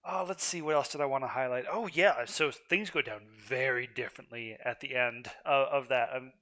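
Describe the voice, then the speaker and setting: A man's voice: medium pitch, moderate pace, sharp tone. A man hosting a gaming video, commenting casually in a rambling, amused way. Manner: rambling, amused, many fillers and restarts.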